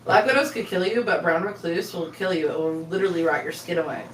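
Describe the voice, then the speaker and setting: A woman co-hosting a casual podcast chat, telling stories with loud, animated impressions. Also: lowish voice, fast, far from the mic, slight background noise. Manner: animated storyteller, shrieking impressions. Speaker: podcast co-host. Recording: roomy, off-mic sound with faint ambience.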